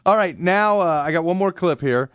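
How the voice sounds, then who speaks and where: A man's voice: high voice, normal speed, fairly bright tone, clean tone, no echo. A man co-hosting a podcast, introducing audio clips with casual, amused chat. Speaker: podcast co-host.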